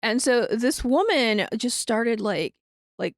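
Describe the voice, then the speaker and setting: A woman's voice: fairly high pitch, slow, dry recording, clean studio sound. A woman comedian with an Upper Midwest American accent, chatting on a podcast and telling stories with acted-out quotes and frequent laughs. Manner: animated storyteller, acts out quotes, laughs often. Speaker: comedian guest. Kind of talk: casual podcast chat.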